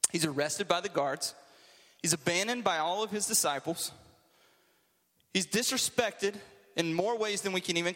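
Male preacher, casual sermon, high bright voice, joking asides. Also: big-room sound. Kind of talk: casual sermon to a youth group.

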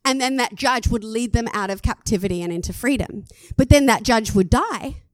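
Lively Australian woman pastor preaching. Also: on the high side, moderate pace, dry recording. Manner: lively, conversational, laughs at herself. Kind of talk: sermon.

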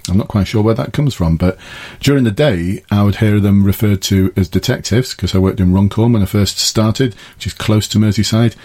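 Warm in tone, fairly low in pitch and at normal speed, a middle-aged former policeman hosts a podcast from his garden summer house. He chats about advice in an easygoing way and laughs at his own jokes.

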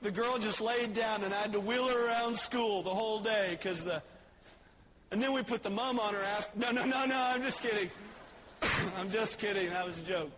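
High-voiced joking preacher. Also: male voice, moderate pace, a little hiss or hum. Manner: jokey, storytelling, swings between soft asides and shouts. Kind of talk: sermon.

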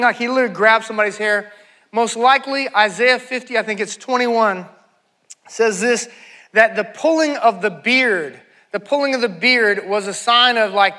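A male pastor delivers a sermon in a very high, bright and forceful voice. He reads scripture passages and then turns to the congregation with casual, talky asides. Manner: preaching with scripture readings, conversational asides.

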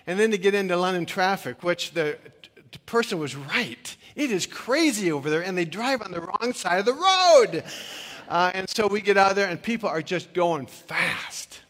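An older man preaches a relaxed, story-driven sermon, his voice sitting a bit high for a man. He jokes at his own expense and leans on plenty of fillers. A long reverb trails his words through the church hall. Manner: chatty storytelling with self-deprecating humor and many fillers. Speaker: retired pastor. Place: church sanctuary.

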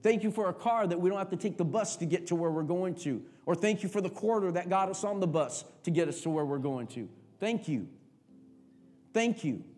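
Preaching in a high voice at a slightly fast clip, a middle-aged male pastor moves from quiet speech to shouted, impassioned stretches of his sermon.

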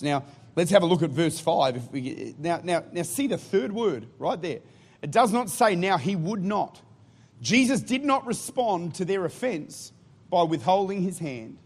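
A man's voice: sits high, big pitch swings, a little slow, breathy edge. A man preaching a sermon in a church, rousing the congregation with energy. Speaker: guest preacher.

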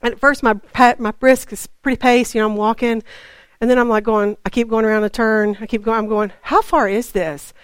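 A woman preacher shares a personal story in a loose, conversational sermon. She slips in and out of acting her dialogue with God. Her voice sits a little high, and the sound is dry and close. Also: little pitch movement, brisk, smooth, dry recording. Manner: chatty, acts out dialogue with God.

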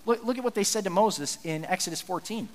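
A male pastor preaches a conversational sermon in a fairly high voice, earnest and plainspoken. He often stumbles and restarts mid-sentence. His voice carries a long reverb from a large hall. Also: fast talker.

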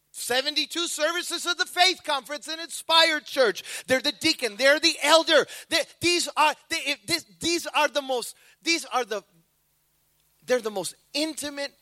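Bright, lively high-voiced preacher. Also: male voice, dry recording. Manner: animated storytelling with acted voices. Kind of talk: sermon.

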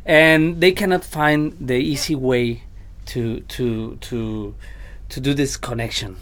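A man's voice: mid-range voice, steady tone, takes it slowly, fairly bright tone. A man working as a vocal coach who chats casually on a podcast, often repeating words and laughing easily, with slightly phrasing.

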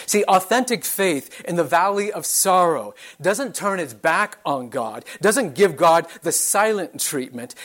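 A male pastor preaching a sermon in an earnest, measured way, often posing questions to the congregation. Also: high voice, fairly bright tone.

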